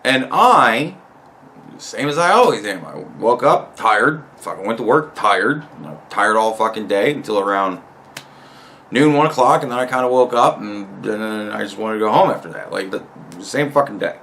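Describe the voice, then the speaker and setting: A man's voice: lowish voice, animated, moderate pace, creaky, a bit bright, a little hiss or hum. A young man telling a long, rambling story about a coworker in a profane, exasperated way. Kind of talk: casual storytelling rant.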